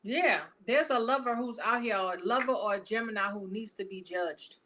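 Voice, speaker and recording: A woman reading tarot cards for her viewers in a casual, animated, profane and chatty way. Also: mid-range voice, normal speed. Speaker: tarot reader.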